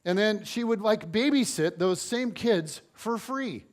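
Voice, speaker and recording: A man's voice: high voice, a little slow. A man in his forties preaching as a pastor, telling personal stories in a chatty, self-deprecating way with playful humor. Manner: playful humor, animated storytelling. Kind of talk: conversational sermon with personal stories.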